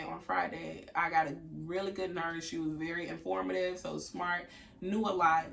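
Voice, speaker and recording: A young woman, casually and candidly telling a story to her viewers, with frank, profane, animated quoted reactions. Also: on the low side, gravelly, distant mic. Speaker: vlogger.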